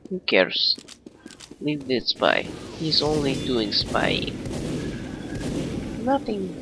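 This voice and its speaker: Speaking very slowly in a slightly high, sing-song voice with vocal fry, this gamer puts on a Russian accent for let's play commentary. He brags and giggles in broken English amid background noise, with shooter sounds and gunfire loud behind his voice.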